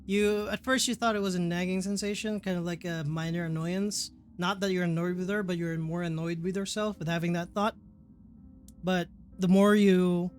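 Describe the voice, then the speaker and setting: Higher-voiced male game master narrating. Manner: slow, moody second-person narration.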